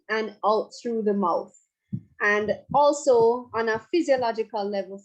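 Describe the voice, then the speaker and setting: A woman's voice: fairly high pitch, darkish tone, low-quality recording. A woman psychologist, leading a guided relaxation talk in a chatty way with playful asides. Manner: conversational, laughs and playful asides.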